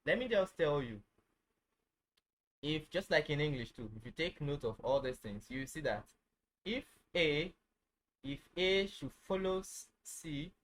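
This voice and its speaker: A man giving an informal French lesson, repeating words slowly, checking that viewers follow, and correcting himself as he goes. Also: a little high, lively intonation, a bit bright, low-quality recording. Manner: restarts and self-corrects often. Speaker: French teacher.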